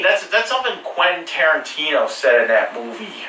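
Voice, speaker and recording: Man, casual profane monologue, bright tone, roomy echo with faint background noise. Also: a little high, big pitch swings, normal speed. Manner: crude, profane and joking, with many restarts. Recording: echoey room, mic far off.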